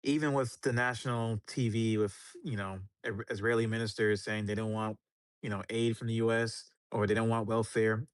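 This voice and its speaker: Low-voiced, easygoing male guest. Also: little pitch movement, normal speed, clear, resonant tone, dry recording, studio quality. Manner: easygoing, says "man" often. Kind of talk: casual chat.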